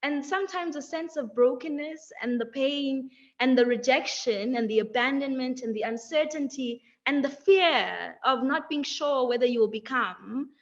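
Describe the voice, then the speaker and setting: A woman's voice: sits high, dull audio. A young woman giving a reflective motivational talk in a webinar. She draws out her phrases and keeps checking in with "right?" and "like". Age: young adult. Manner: measured, drawn-out phrasing, frequent "like" and "right?". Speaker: webinar speaker.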